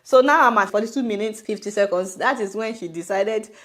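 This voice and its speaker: A woman with a Nigerian accent giving an animated, mocking commentary on a video, often exclaiming in disbelief. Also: mid-range voice, fairly quick.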